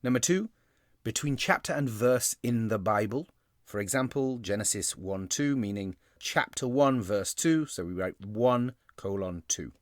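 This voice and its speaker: A male English teacher giving a recorded grammar lesson, explaining step by step and slowing down on key terms. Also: on the low side, animated, no echo, studio quality.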